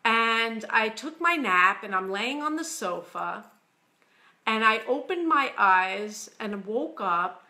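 A woman from the United States telling a personal story slowly and earnestly, getting emotional at times. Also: fairly high pitch, lively intonation. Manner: slow, earnest storytelling, quiet and hushed when quoting God. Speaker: author. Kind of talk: personal testimony.

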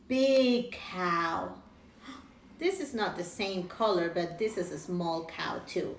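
A woman slowly teaching a toddler animal names, with a sing-song voice, gasps of surprise and animal sounds. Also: a little high. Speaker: parent educator. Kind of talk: slow playful teaching for a toddler. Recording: echoey room with faint noise.

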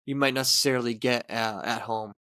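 A man's voice: mid-range voice, steady tone, fairly quick, sharp tone, dry recording. A man co-hosting a casual podcast chat, encouraging and full of fillers like "like" and "you know.". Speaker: podcast co-host.

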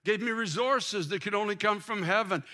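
A man's voice: high voice, normal speed, sharp tone. An older man preaching a sermon from a church pulpit, impassioned and full of restarts. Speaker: pastor. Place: large church sanctuary.

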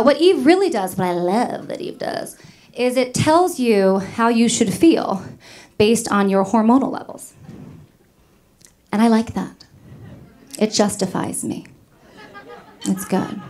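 A woman's voice: medium pitch, darkish tone. A middle-aged woman from New York doing a stand-up comedy set, chatty and self-mocking, laughing at her own jokes. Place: comedy club stage with live audience.

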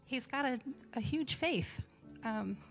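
A woman's voice: high-pitched, animated, takes it slowly, soft background music. A woman speaking informally to her church congregation, hesitant with many ums and light laughs. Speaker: church member addressing the congregation. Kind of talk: casual testimony in church. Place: church sanctuary.

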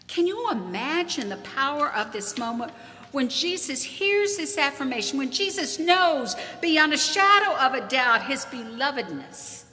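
A woman pastor giving a measured, expressive sermon with dramatic pauses in a church sanctuary. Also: sits high, long reverb tail.

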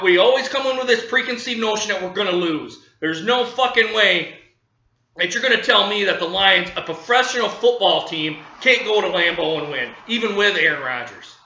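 A man's voice: sits high, bright, forceful tone, echoey room, lo-fi sound. A man ranting angrily about his football team, cursing and repeating himself, livid. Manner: profane, furious, repeating himself. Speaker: sports fan vlogger. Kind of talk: angry fan rant.

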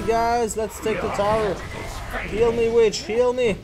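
A man with a high voice commentates over his own gameplay. He is excitable, whoops loudly and swears often. A faint hiss of noise sits behind him. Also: a little slow. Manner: excitable, loud whoops, frequent swearing and exclamations. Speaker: channel host playing a mobile game.

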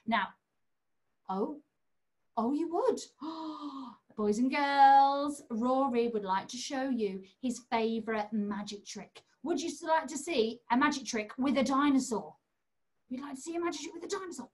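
A young woman hosting an online children's magic show, talking playfully and coaxingly to young kids and a puppet. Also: fairly high pitch.

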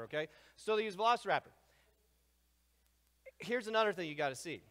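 A man giving an energetic lecture to a live audience, jumping between loud, excited asides and hushed remarks. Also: high-pitched, fairly quick, pauses often. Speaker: speaker presenting to a live audience. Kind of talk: animated lecture. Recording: long hall reverb.

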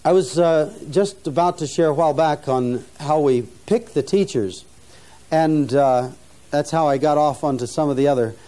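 A man's voice: a little high, normal speed, dark tone. An older man giving an earnest, preacherly teaching talk to students, often restarting phrases and rising to stress key points. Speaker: mission founder teaching students. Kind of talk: sermon-style teaching talk.

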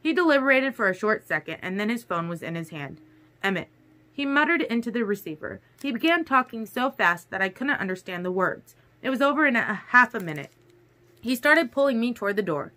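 Woman reading a novel out loud, bright tone, steady pace. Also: fairly high pitch, brisk. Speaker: audiobook reader. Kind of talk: first-person novel narration.

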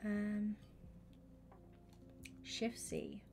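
A young woman livestreaming a game, chatting with her viewers and thinking out loud, often slipping into a whisper. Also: medium pitch, wildly swooping pitch, extremely slow, vocal fry, soft background music. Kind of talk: casual gaming stream chat.

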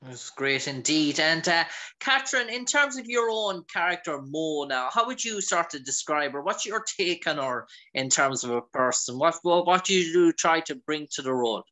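A man from Ireland, a radio host, asking interview questions slowly and hesitantly, with many fillers. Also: a little high, lively intonation, sharp tone.

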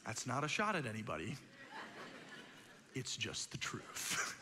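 A man preaching a sermon as pastor, conversational and animated, acting out quotes and joking asides. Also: mid-range voice, a little slow, pauses often, slightly rough, big-room sound. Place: church auditorium.

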